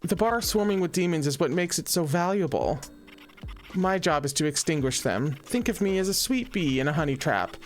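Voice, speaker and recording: A sassy, scheming angel bar singer who coaxes and flatters to win help, played by a woman. Her voice is fairly even and mid-pitched, with soft music in the background. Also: normal speed, close to an everyday voice. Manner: sassy, persuasive. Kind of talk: let's play voice acting.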